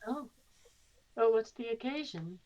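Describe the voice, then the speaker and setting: A woman playing a tabletop game, answering quickly and politely in character, with a joking streak. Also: fairly high pitch, lively intonation, darkish tone, lo-fi sound. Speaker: player. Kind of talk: in-character tabletop role-play.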